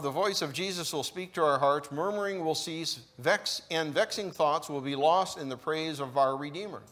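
A man preaching a sermon in a church, slow and emphatic, with deliberate pauses between phrases. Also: a little high, lively intonation, bright, forceful tone. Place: church sanctuary.

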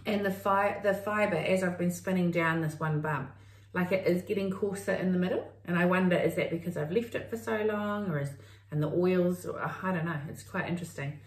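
A woman's voice: fairly low pitch, a little fast, few pauses. A middle-aged New Zealand woman co-hosting a crafting podcast, chatting in a meandering way and thinking aloud. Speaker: podcast co-host. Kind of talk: casual crafting chat. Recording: roomy, mic at a distance.

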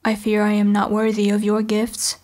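A woman voicing a calm, stubborn young mortal prince who speaks respectfully and steadily. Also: medium pitch, normal speed, close to an everyday voice.

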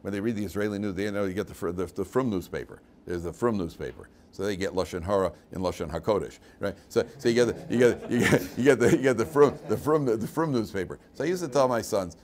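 A man's voice: on the low side, fast talker, hardly any pauses, a little hiss or hum. An older man, a rabbi, giving an informal Torah class, digressive and full of asides, with a dry, mocking humor. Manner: animated, digressive, with restarts and asides.

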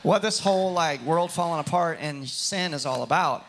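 A man's voice: on the high side, moderate pace, vocal fry. Guy pastor cracking dry jokes during a sermon, faint hiss behind. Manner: dry teasing interjections. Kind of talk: sermon banter. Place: church service.

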